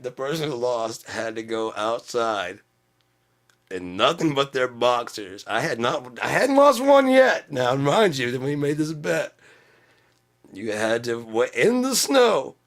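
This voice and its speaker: A man telling a comic story in a casual, profane way, acting out what people said. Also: medium pitch. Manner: profane, animated, acts out quotes. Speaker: channel host.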